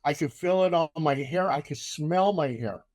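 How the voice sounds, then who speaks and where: An older man with a somewhat high voice tells a story with lots of energy and puts real force into the lines he quotes. He is a relaxed host chatting casually. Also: moderate pace. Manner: animated storyteller who shouts out quoted lines. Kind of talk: casual chat.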